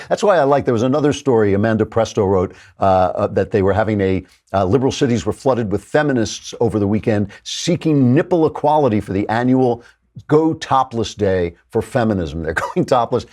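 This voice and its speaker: A man's voice: on the low side, a little mellow. A man hosting an opinion talk show, joking and sardonic, often laughing at his own lines.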